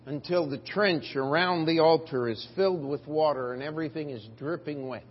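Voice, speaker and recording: A male pastor preaching a sermon, retelling a Bible story in a folksy, animated way and acting out the voices. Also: a little high, moderate pace, husky. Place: church sanctuary. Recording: dull lo-fi church recording with long reverb.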